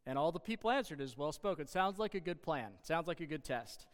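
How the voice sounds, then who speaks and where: A man preaches and reads scripture in a somewhat high, smooth and resonant voice. His delivery is animated, with sarcastic asides and loud bursts of emphasis. The sound carries a long reverb, as in a large hall. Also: brisk. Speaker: pastor. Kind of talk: sermon with scripture reading.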